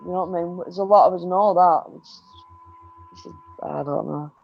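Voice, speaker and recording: A man's voice: sits high, steady tone, moderate pace, creaky, highs cut off. An English man co-hosting a casual livestream chat, easygoing and a bit hesitant. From England. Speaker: co-host.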